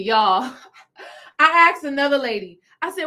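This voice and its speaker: A woman's voice: high voice, normal speed. A woman coaching on spiritual healing, telling a story on a livestream, talking straight to her viewers and repeating phrases for emphasis. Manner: animated, repeats phrases, talks to viewers directly.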